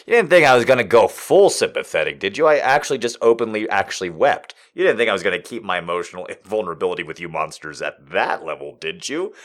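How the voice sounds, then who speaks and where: A man hosting a live podcast, telling a story to his chat, dropping from hushed whispers to loud, profane, teasing jokes. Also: on the low side, lively intonation, brisk. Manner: swings from hushed whispers to loud crude joking. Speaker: livestream podcast host.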